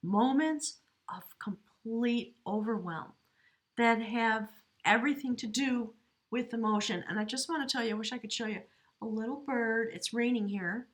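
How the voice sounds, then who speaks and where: A woman talks through a tarot reading in an earnest, searching way. Her delivery is slow and reflective, with pauses. She sounds close to tears at times. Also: fairly high pitch. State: choked up with emotion. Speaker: tarot reader. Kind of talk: spiritual tarot reading to camera. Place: home, near a window.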